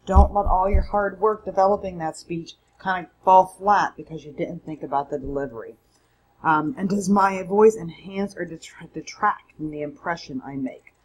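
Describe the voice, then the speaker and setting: A woman's voice: fairly low pitch, darkish tone, slight background noise, low-quality recording. A woman instructor giving a conversational, emphatic recorded mini-lecture from home. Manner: conversational, emphatic, self-correcting. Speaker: college public speaking instructor.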